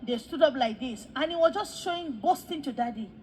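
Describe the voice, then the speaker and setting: A woman preacher recounting a spiritual vision in a sermon. She tells it as animated storytelling, acting out the dialogue and repeating words for emphasis. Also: high voice, fairly quick, a little hiss or hum, rough recording.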